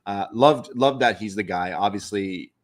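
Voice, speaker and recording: A man's voice: lowish voice, moderate pace. A man co-hosting a wrestling podcast, rambling casually with repeated words and swearing. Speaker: podcast co-host. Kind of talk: casual chat.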